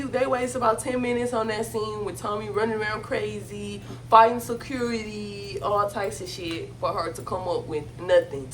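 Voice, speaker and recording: A woman's voice: a little high, a bit bright, a little hiss or hum. A woman casually recapping a reality show episode, talking bluntly with slang and plenty of profanity.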